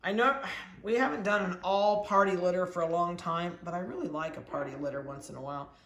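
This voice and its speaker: Chatty dog breeder in an echoey room. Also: mid-range voice. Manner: chatty, talks softly and coaxingly to the puppies. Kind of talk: casual narration while weighing and collaring puppies. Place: indoor kennel room. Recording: echoey room with faint background noise.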